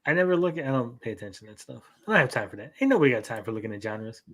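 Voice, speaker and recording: A man and parent, a podcast co-host, telling stories in casual chat, animated and full of swearing. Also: mid-range voice, very fast. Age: adult parent. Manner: profane, animated storytelling.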